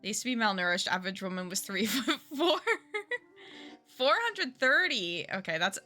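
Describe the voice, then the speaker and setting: A woman's voice: mid-range voice, lively intonation, moderate pace, bright, forceful tone. A woman giving casual, jokey commentary while streaming a game, chatty with rambling asides. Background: game music.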